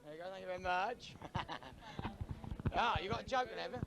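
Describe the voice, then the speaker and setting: A man's voice: high-pitched, animated, moderate pace. A man stopping people on the street, cheerfully coaxing them to tell jokes for a free drink. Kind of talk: casual street vox pop. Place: outdoors on a city street. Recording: noisy outdoor street recording.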